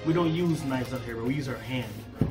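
A man's voice: mid-range voice, fast. A young man from Canada talking casually and playfully to his viewers, often sing-song and laughing. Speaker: vlogger. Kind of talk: casual vlog. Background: background music.

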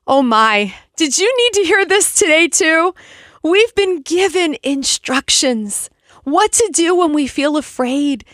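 A woman in her forties hosting a devotional Bible podcast, reading scripture and reflecting in a heartfelt, expressive way. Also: high voice, slow pace, no echo, clean studio sound. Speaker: podcast host.

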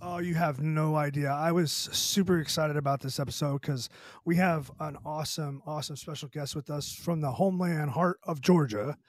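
Male podcast host, high-ish, husky and gravelly, loud and jokey. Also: moderate pace, no echo, studio quality. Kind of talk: hyped podcast intro and chat.

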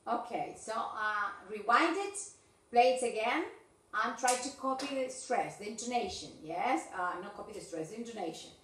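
Woman, English teacher, fairly high voice, checks in with "yes, okay?", echoey room, distant mic. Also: animated, moderate pace, a bit bright, a little hiss or hum. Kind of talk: online class instruction.

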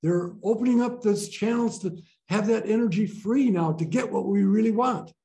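A man teaching a group about breathwork in a gentle, playful way, often laughing as he talks. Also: high-pitched, moderate pace, creaky. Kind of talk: informal group teaching talk. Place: training room with a group.

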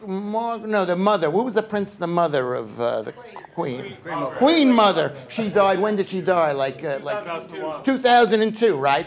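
A middle-aged man with a thick New York accent works a club stage, rambling and deadpan, repeating himself. His voice sits high and swings all over the place. A loud crowd roars with laughter behind him. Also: creaky. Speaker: stand-up comedian. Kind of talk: live stand-up routine. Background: audience laughter.

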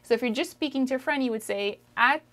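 A woman with a Canadian French accent teaching a French lesson, drawing out phrases slowly for the listener to repeat and checking in with "okay?". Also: high voice, fairly bright tone. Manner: slow, drawn-out pronunciation drills, frequent "okay?" checks. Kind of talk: language lesson, modelling phrases for repetition.

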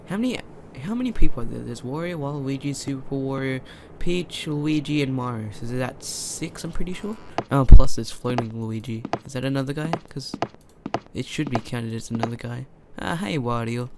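A young man doing let's play commentary on a horror game, excitable, chatting to the characters and yelling when startled. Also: mid-range voice, noisy background. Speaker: gamer.

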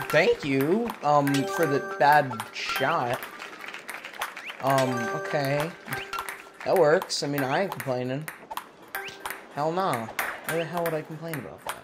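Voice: medium pitch, animated, slow pace, long pauses. Foul-mouthed gamer muttering over game music. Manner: swears a lot, mutters to self between loud frustrated outbursts. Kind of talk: casual gameplay commentary. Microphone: gaming mic.

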